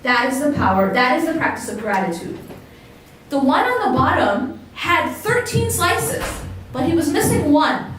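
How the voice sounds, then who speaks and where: A woman's voice: sits high, lively intonation, moderate pace, fairly bright tone, slight background noise. A woman giving a religious talk to a live audience as an Islamic lecturer, engaging the crowd with questions. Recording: echoey hall, voice picked up from a distance.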